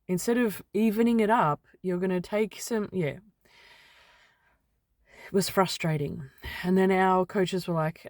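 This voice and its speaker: A woman's voice: fairly low pitch, dry recording, clean studio sound. A woman, talking candidly in a rambling personal vlog, getting heated and swearing mildly as she vents. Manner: rambling, animated when venting, mild swearing. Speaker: vlogger.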